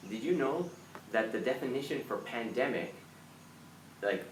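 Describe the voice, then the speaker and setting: A man hosting a live motivational talk, earnest and animated, now and then acting out panicked voices. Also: mid-range voice, measured pace. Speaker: live stream host. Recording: roomy, from a distance, faint background noise.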